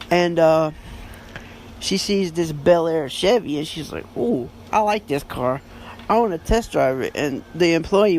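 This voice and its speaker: A man with a rather high voice hosts a podcast and reviews a book in a casual, rambling way. He stumbles through fillers and corrects himself as he goes. A faint noise hums behind him. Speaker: podcast host.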